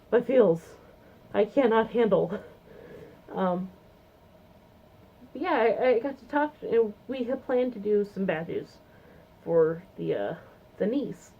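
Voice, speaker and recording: A woman chatting casually to camera in a bubbly, gushing, rambling way with many ums and giggles. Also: medium pitch. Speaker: vlogger reviewing a convention. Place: home, seated in a chair. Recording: lo-fi phone-like sound.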